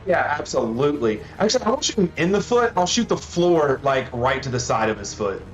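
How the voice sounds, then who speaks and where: A man's voice: medium pitch, sing-song, brisk, dull audio, soft background music. Man playing a tabletop game, roomy sound. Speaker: player. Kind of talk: casual tabletop play.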